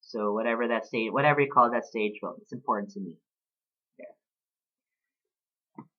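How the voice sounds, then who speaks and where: A man in his late twenties talking reflectively in a casual personal vlog, pausing often with fillers as he talks about books. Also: medium pitch, muffled recording. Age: late 20s. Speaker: vlogger.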